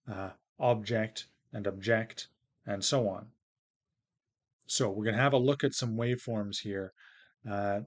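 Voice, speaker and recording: Low-voiced man giving a lecture. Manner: relaxed, explanatory, with frequent uh fillers. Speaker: linguistics lecturer. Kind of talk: recorded lecture.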